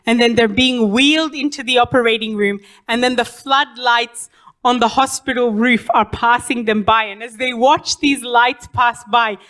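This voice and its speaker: A woman's voice: on the high side, steady tone, moderate pace, a bit bright. A young adult woman giving a personal testimony in church, telling her story with many fillers and restarts.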